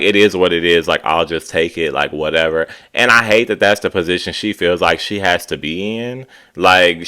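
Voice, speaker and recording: A man giving a casual, chatty review of a reality TV episode, acting out cast members' lines as he recaps. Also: sits low. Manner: chatty, animated, quotes cast members in character. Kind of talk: casual commentary.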